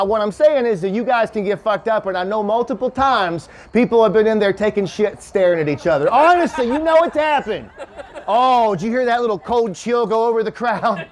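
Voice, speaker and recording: At a winery comedy show, a Kentucky man performs loose, profane stand-up before a live audience, bantering with them and chuckling at his own material. His voice is high-pitched, there's a slight hiss or hum, and the crowd's laughter comes through.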